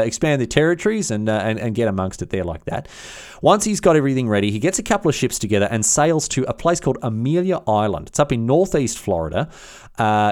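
A man telling a history story in a casual, slangy, irreverent way, with many restarts. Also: mid-range voice.

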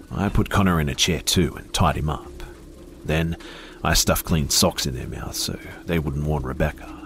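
A man narrating a first-person horror story in a measured, grim way. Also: very deep voice, a bit bright, slight background noise.

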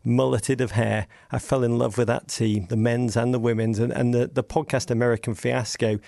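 A middle-aged Englishman with a gravelly, mellow voice tells stories in animated bursts. His pitch leaps up for emphasis, and the recording is dry and close. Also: normal speed, no room sound. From England. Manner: vivid, storytelling delivery with bursts of rising emphasis. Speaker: podcast guest. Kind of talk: animated casual chat.

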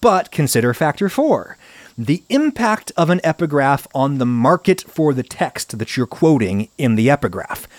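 Man, explanatory commentary, lively swinging delivery, dry close sound. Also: fairly high pitch, moderate pace, no echo. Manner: animated, opinionated, rising to emphatic outbursts. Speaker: video essayist.

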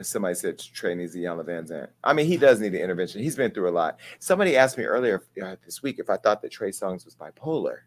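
A man's voice: deep voice, very animated, fast talker, few pauses. Brash comedic gossip host, man. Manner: brash, candid, comedic storytelling. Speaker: talk show host. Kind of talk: gossip commentary.

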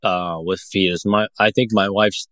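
A man's voice: deep voice, steady tone, normal speed, fairly bright tone, dry recording. A man from the Pacific Northwest chatting casually as a podcast guest, rambling with lots of fillers and restarts. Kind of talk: casual chat.

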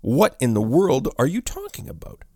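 A man's voice: fairly low pitch, sing-song, moderate pace, a little mellow, no room sound, studio quality. A man voicing a frightened young woman researcher who asks in a raised, breathless, pleading voice.

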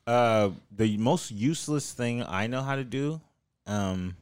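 A man's voice: medium pitch, slow, darkish tone, clean tone, no echo, studio quality. A man co-hosting a podcast, chatting casually with slangy quips. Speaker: podcast co-host. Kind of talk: casual chat.

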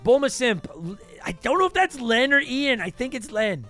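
A man's voice: very high-pitched, very animated, moderate pace, a bit bright, soft background music. A man hosting a podcast, signing off casually with an irreverent, swearing manner and rattling off long lists of names. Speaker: podcast host.

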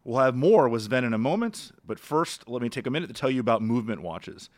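A man's voice: medium pitch, lively intonation, quick pace, no room sound. A man hosting a podcast interview and reading a sponsor message in a conversational way. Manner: conversational, brief affirmations. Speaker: podcast host. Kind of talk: interview hosting and read advertisement.

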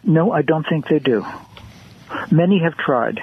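A man's voice: on the high side, lively intonation, measured pace, breathy edge, no room sound. A man on a radio show giving enthusiastic, opinionated views on film actors. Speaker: film critic guest. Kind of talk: casual radio interview. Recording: muffled radio broadcast.

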